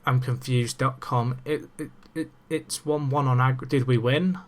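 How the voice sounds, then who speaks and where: A young man in casual let's-play commentary, chatty and excitable with self-mocking asides, talking into a desk microphone. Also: medium pitch, measured pace. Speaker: gaming commentator.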